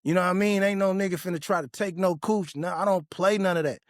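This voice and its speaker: A man's voice: high-pitched, quick pace, no room sound, studio quality. A man hosting his own podcast, telling a personal story in a casual, blunt way full of street slang and profanity. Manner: animated when retelling confrontations. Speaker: podcast host.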